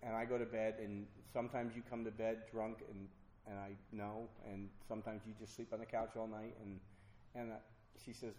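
A man's voice: lowish voice, little pitch movement, moderate pace, a little mellow, reverberant, a little hiss or hum. A man telling his own story of drinking and recovery to a group, candid and self-mocking, acting out the voices of the people he quotes. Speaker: speaker sharing a recovery story. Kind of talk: personal storytelling talk.

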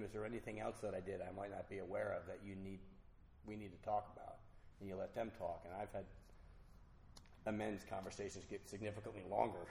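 A middle-aged man earnestly telling a personal recovery story to an audience, with halting restarts. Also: on the low side, vocal fry, dark tone. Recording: roomy hall with faint noise.

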